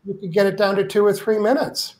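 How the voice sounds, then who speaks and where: A man's voice: sits high, flat delivery, a little fast, darkish tone. A man speaking as a guest author in an interview, emphatic and playful, acting out quoted complaints. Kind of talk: animated interview talk.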